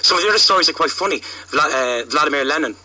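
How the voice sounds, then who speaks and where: A man's voice: on the high side, animated, pushed and bright, poor audio. A man telling stories as an author guest in a radio interview, with lots of restarts. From Ireland. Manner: fast storytelling with frequent restarts.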